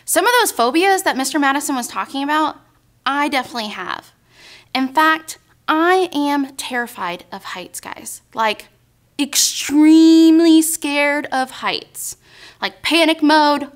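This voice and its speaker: A young woman speaking to kids at church, telling an animated, dramatic story and calling her listeners "guys". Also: high voice, moderate pace. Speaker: children's ministry speaker. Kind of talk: storytelling devotional talk for kids.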